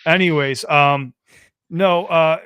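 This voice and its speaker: A man's voice: on the high side, slow pace, a bit bright, clean tone, no room sound, highs cut off. An American man co-hosting a casual podcast chat with a caller, easygoing and talkative, with plenty of fillers and restarts. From United States. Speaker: podcast co-host.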